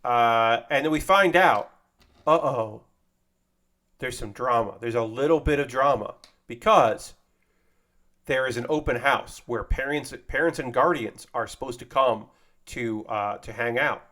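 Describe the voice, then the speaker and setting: A man talks casually as he works with his hands, wandering through a lively, rambling recap of an episode. His voice sits at an ordinary middle pitch, and he keeps the tone of an easygoing stream host. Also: a little slow. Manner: rambling, animated retelling of an anime episode. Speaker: streamer building a model kit. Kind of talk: casual chat while building.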